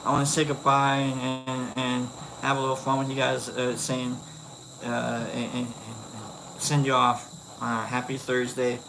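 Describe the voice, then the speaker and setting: A man's voice: mid-range voice, level tone, unhurried, creaky, background noise. A man hosting a casual livestream, rambling and joking with many self-corrections. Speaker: livestream host.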